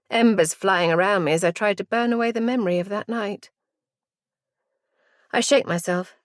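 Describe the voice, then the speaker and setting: A woman narrating a story in the first person, reflective and measured. Her voice is recorded very dry and close, with no room sound at all. Mid-pitched and steady. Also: dry recording. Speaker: audiobook narrator.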